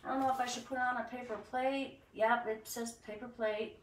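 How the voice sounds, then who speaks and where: A somewhat high-voiced woman chats her way through a casual cooking livestream at home. She talks straight to her viewers as she works in her kitchen. The recording is noisy, with clicks behind her. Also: fairly even intonation, brisk, recorded from a distance.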